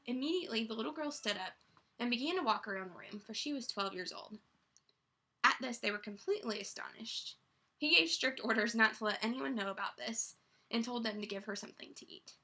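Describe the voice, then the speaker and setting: A young woman with a bright, forceful voice leads a student Bible study. She talks casually, full of "like" and false starts, pitched a little high. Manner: chatty, lots of "like" and restarts.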